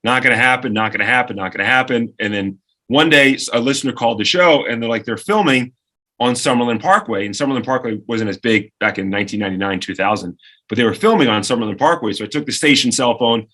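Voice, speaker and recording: Radio co-host in his forties, animated storyteller; bright, slightly husky voice. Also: medium pitch, fast. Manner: animated storyteller who acts out quoted voices. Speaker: radio co-host and producer, podcast guest. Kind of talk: lively anecdote-telling in conversation.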